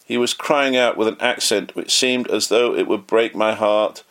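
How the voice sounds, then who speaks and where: A man reading a memoir aloud in an earnest, measured way, lightly voicing the quoted lines. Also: lowish voice, fairly even intonation, a bit bright. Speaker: audiobook narrator.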